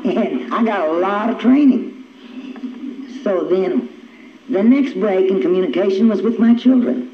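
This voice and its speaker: An older woman telling her own story to an audience, animated and acting out the arguments she remembers. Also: mid-range voice, a little slow. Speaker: speaker sharing her recovery story. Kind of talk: personal storytelling talk. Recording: echoey, dull, noisy old tape.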